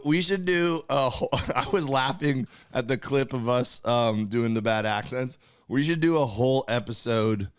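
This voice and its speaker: A comedian co-hosting a casual podcast, teasing his co-host with deadpan jokes. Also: medium pitch, clean tone, dry recording, clean studio sound.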